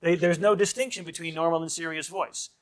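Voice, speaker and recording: A man with a fairly high voice teaches a marriage class as a priest. His delivery is loose and conversational, punctuated by "right?" and brief acted-out lines of what kids and parents say. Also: steady tone, brisk. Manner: conversational, often asks "right?"; acts out short quoted lines of kids and parents. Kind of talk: informal lecture.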